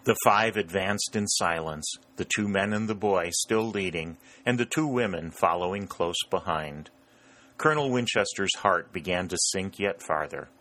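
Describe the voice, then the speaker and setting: A man reading a historical novel aloud as an audiobook narrator, in a steady, measured way. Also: low voice. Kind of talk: scripted narration.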